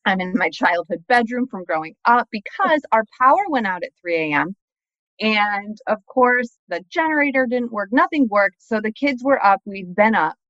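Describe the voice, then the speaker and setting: Animated woman host on a muffled call. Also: mid-range voice, normal speed, no echo. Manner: animated, expressive storyteller. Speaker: podcast host. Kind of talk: casual chat. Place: childhood bedroom at home. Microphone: video call. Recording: slightly muffled video-call audio.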